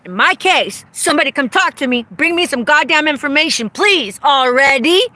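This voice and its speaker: A woman's voice: high voice, animated, normal speed, sharp tone. A woman ranting angrily and profanely outdoors, delivering an accusatory vlog monologue. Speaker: vlogger.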